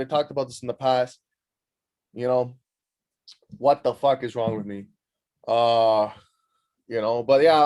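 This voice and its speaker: A young man hosting a podcast, telling a rambling comedic story full of swearing, self-mockery and constant "like" fillers. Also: medium pitch. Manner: profane, animated, self-mocking, frequent "like" fillers. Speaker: podcast host.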